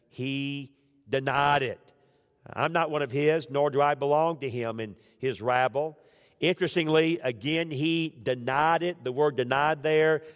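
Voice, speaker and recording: A man preaches a sermon. His voice sits a little high for a man and rings with a long reverb through a large hall. He rises to loud, high emphasis and then sinks to hushed, low passages. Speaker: pastor.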